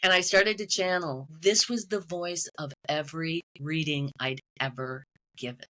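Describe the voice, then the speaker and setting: A woman being interviewed as a medium and author, telling her story in lively detail and acting out the voices of the people she quotes. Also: sits low, normal speed. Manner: animated storytelling, quoting voices. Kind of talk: conversational interview.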